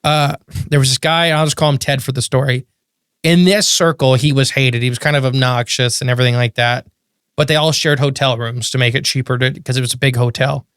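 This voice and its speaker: Male podcast co-host, mid pitch, animated storyteller, dry close sound. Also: a little fast, smooth, no echo. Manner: animated storyteller, voice jumps up in disbelief. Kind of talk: casual chat, storytelling.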